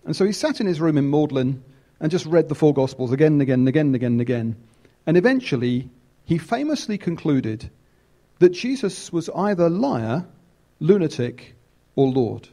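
A man preaching a sermon, emphatic and animated. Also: normal speed. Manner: animated, wide swings in pitch, emphatic.

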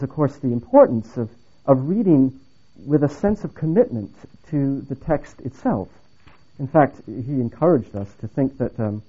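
A man's voice: mid-range voice, breathy edge. A man giving a theology lecture in an earnest, emphatic way, with some restarts and dry humor. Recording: phone-like narrow band.

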